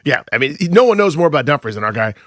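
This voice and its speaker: A man's voice: a little high, big pitch swings, quick pace, heavy background noise. A man co-hosting a radio show, telling a story in casual chat and acting out both sides of the conversation. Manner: storytelling, self-deprecating, acts out dialogue. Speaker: radio co-host. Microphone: studio microphone.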